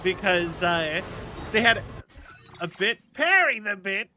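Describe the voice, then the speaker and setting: A man streaming a video game, chatting casually and thinking out loud with lots of filler words. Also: high-pitched, very animated, takes it slowly, long pauses, a little hiss or hum. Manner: rambling, thinks aloud with many fillers. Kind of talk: casual gaming stream commentary.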